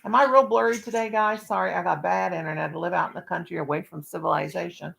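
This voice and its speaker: A woman hosts a live stream from her country home through a webcam, her voice heavy with gravel and fry. She talks in a rambling, folksy way, tossing in jokes as she goes. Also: lowish voice, fairly even intonation, quick pace, a bit bright. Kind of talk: casual live-stream chat.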